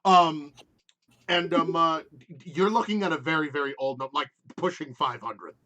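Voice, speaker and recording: A man's voice: fairly high pitch, unhurried, bright, forceful tone. A man narrating as game master of a tabletop game, rambling with lots of fillers.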